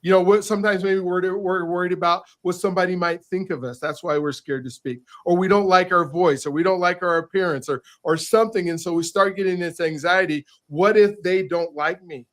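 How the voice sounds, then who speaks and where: A man, an author and podcast guest, telling a story in an animated, casual way and often repeating words as he restarts. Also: sits high, a little fast, hardly any pauses.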